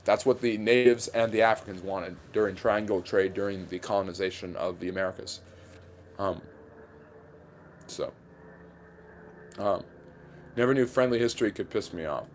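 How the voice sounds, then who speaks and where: A man's voice: fairly low pitch, slight background noise. A man hosting a livestream Q&A about history, giving blunt opinions as he answers viewer questions. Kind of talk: livestream Q&A chat.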